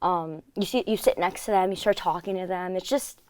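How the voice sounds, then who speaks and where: A woman's voice: lowish voice, brisk, slight background noise. A teenage girl hosting a school broadcast, chatting casually with a guest and filling her talk with "like". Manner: chatty, lots of "like" fillers. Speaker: student show host. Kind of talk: casual chat interview.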